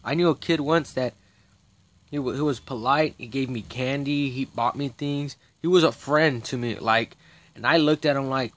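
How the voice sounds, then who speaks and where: A man's voice: mid-range voice, a little slow, a bit bright. A man talking straight to camera in a rambling, profane monologue, agitated and restarting his sentences often. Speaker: vlogger.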